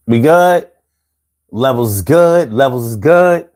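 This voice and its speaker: A man's voice: medium pitch, lively intonation, slow, darkish tone. A man hosting a casual live show, telling stories in loose slang and laughing often. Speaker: show host.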